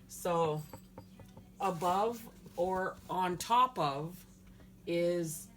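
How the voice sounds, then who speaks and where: A woman's voice: lowish voice, very slow, fairly bright tone, slight background noise. A woman teaching a language lesson, sounding words out syllable by syllable with patient explanations. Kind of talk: slow pronunciation lesson.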